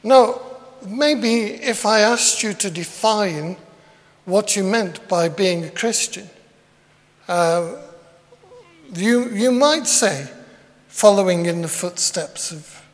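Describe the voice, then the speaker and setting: Man giving a chatty sermon, high bright voice, long echo in the hall. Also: slow. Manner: rambling, self-deprecating, many fillers. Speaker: preacher. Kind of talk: conversational sermon.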